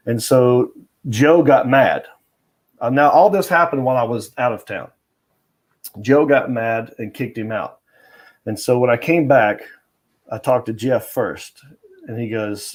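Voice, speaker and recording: A man's voice: mid-range voice, a little slow, long pauses. Man telling a comedy story. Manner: laughs often, animated storytelling. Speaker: guest comedian. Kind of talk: casual storytelling.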